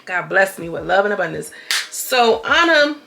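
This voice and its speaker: A woman giving a casual, animated recap of a reality show, sassy and quick to act out quotes. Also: medium pitch, vocal fry, faint music behind. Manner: animated, sassy, retells scenes in quoted voices. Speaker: reality TV commentator.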